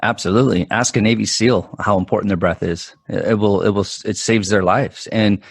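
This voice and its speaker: A man in his forties, a guest mental performance coach, telling stories in an animated, quick-talking way with frequent restarts. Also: fairly low pitch, creaky, slightly rough, no room sound. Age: 40s. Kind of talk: conversational storytelling.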